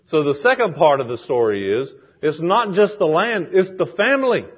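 A man's voice: a little high, moderate pace, husky. Preaching man, dull lo-fi recording. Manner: animated preaching, acting out quoted voices. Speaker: pastor. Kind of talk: sermon. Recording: dull lo-fi sound.

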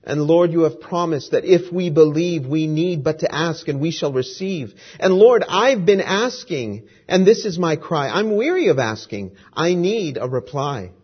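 A man's voice: fairly high pitch, expressive, measured pace, hardly any pauses, husky, voice pushed up. A man doing a desperate pleading petitioner. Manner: urgent, indignant, raised pleading. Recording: dull lo-fi recording.

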